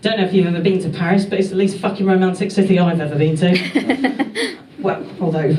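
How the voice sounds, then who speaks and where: A woman's voice: medium pitch, lively intonation, unhurried, a little mellow, slight background noise. A young English woman performing a stand-up set on a club stage, dry and self-deprecating, laughing at her own jokes. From England. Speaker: comedian. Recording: echoey club, far off, crowd.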